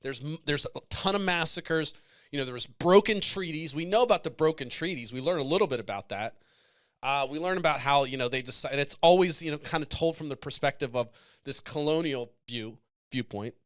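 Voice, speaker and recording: A man's voice: fairly high pitch, a little fast, fairly bright tone. Passionate, swearing man in commentary. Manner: passionate, profane, emotional. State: choked up. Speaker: podcast host. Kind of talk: casual commentary.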